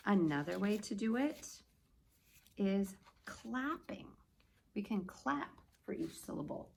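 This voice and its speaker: Slow, gravelly-voiced woman teacher. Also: mid-range voice, big pitch swings, a little mellow, slight background noise. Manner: slow, clearly spoken teacher voice; models words and answers for the class. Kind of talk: remote lesson for young children.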